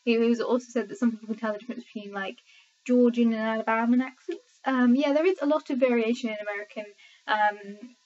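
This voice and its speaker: Sleepy young English woman vlogger, rambling chat full of ums, fairly high voice, dull lo-fi webcam sound. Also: steady tone, fast, a little mellow. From England. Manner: rambling, many filler ums. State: sleepy, tired late at night. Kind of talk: casual chat to camera. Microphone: laptop webcam mic. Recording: lo-fi webcam audio.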